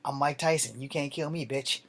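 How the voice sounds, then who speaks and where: A man's voice: medium pitch, fairly quick, fairly bright tone. A man voicing a cocky boy who boasts and taunts him with profanity. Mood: taunting.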